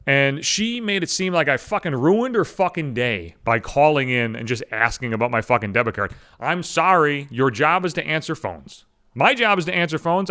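A man's voice: a little high, fairly bright tone, smooth. A man in his thirties hosting a podcast, ranting angrily with constant swearing and mocking asides. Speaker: podcast host. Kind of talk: profane ranting monologue.

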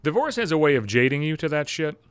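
Recorded dry with clean studio sound, a thirtysomething podcast host from the Buffalo area goes on a sarcastic, exasperated, profanity-laced casual monologue. His smooth voice is on the high side, and he talks fast and very animatedly.

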